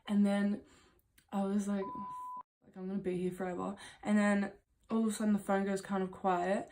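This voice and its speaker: A woman's voice: mid-range voice, warm tone. A woman vlogger telling stories in a casual, rambling way, laughing often and swearing casually. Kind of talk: casual storytime monologue.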